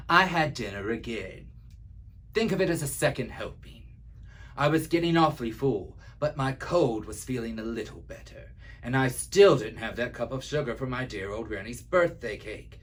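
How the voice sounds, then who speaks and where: A man's voice: mid-range voice, breathy edge. A man reading a children's story aloud as an easygoing male wolf who tells his own side in a chatty, wry, confiding way. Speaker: library storyteller.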